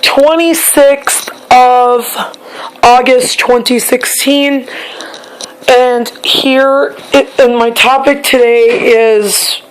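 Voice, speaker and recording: A young woman, a bit hoarse, talking in a casual personal vlog, halting and repeating herself as she searches for words. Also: sits high, steady tone, slight background noise, rough recording. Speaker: vlogger.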